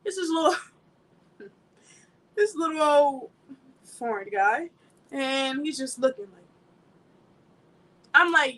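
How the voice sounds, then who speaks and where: High, bright-voiced woman preaching. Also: takes it slowly, pauses often, low-quality recording. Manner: emphatic, conversational, laughs while telling stories. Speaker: ministry speaker. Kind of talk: informal sermon with personal anecdotes.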